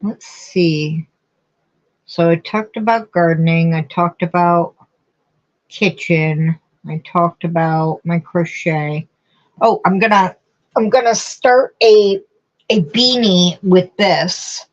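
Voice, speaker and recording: A middle-aged woman chats slowly and fondly with her livestream viewers, calling them honey and getting emotional. Her voice sits a little low, and the stream audio is dull and lo-fi. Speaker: livestream host. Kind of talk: casual chat reading viewer comments.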